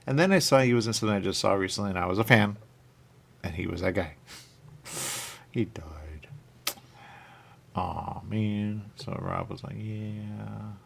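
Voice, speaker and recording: Brief: male talk-radio host, low husky gravel, rambling chat that swings up and down a lot. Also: brisk. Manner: rambling, thinks aloud with many questions.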